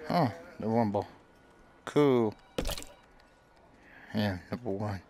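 Gravelly slow-talking male streamer. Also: lowish voice, dark tone. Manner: crude, mumbling, talks to game characters. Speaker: gaming streamer. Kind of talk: casual let's-play commentary.

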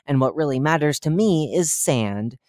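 This horror fiction reading features the narrator voicing a cheerful, oblivious radio host who runs through chatty patter and deadpan dark jokes at normal speed. The male voice is middle-pitched, lightly acted and chipper in mood. The sound is close-miked and dry, without echo.

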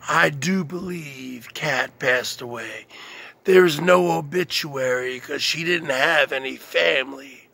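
A man hosting his own channel, delivering a slow, boastful, taunting monologue aimed at a viewer and now and then dropping into a breathy whisper. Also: medium pitch, sharp tone, no echo. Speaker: channel host.

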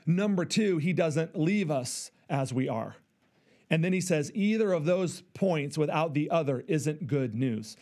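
A middle-aged male pastor preaching, acting out voices in an animated way. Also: fairly high pitch. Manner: animated, acts out dialogue with God. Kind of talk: sermon.

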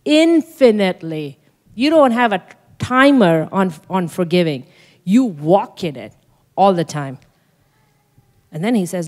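A woman's voice: lowish voice, sing-song, a little slow, darkish tone. A woman pastor delivering a sermon at a conference, stressing and repeating key phrases and asking the audience questions. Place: conference hall. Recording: long reverb of a large hall.

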